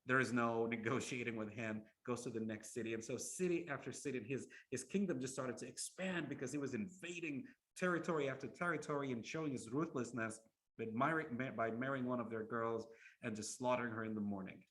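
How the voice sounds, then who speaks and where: Male lecturer, storyteller, mid-pitched, stop-start repetitions, rhetorical questions to the audience. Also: a little fast, fairly bright tone. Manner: repeats words, asks rhetorical questions. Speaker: Islamic lecturer.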